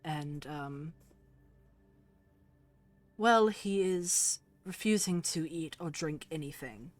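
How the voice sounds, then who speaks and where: Woman playing a hesitant, formal male advisor; low voice, slow. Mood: somber.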